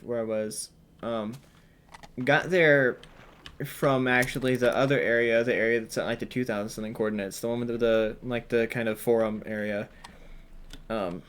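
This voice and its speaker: A man giving casual gameplay commentary, thinking aloud with lots of ums and sudden excited bursts when an idea strikes. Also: medium pitch, slight background noise.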